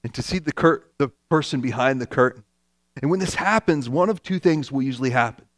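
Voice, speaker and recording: A man's voice: medium pitch, expressive, fairly quick, no echo, clean studio sound. A man preaching a sermon as pastor, conversational and emphatic, repeating his key points.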